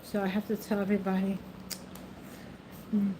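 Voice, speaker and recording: A woman's voice: mid-range voice, fairly even intonation, a little slow, pauses often, dark tone, slight background noise, low-quality recording. A woman chatting casually to the camera, rambling, laughing often and talking to her pet. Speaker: vlogger.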